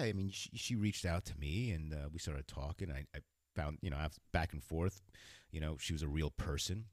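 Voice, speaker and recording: Low-voiced man telling a frank story. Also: brisk, dry recording. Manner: frank and conversational, with repeated fillers and restarts. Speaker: podcast host. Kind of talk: casual first-person storytelling.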